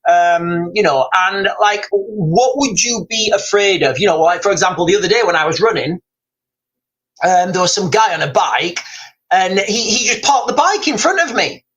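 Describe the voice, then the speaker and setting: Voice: medium pitch, animated, moderate pace, fairly bright tone, low-quality recording. A livestreamer, chatting casually and reading comments aloud, rambling and often calling the audience guys. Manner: rambling, repeatedly addressing viewers as guys. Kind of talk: casual live-stream chat.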